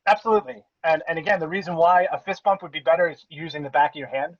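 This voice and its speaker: Podcast co-host, male, fairly high voice, dry close sound, talks in long restarting explanations. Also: fast talker, no room sound, lo-fi sound. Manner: explains at length with many restarts. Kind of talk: casual podcast chat.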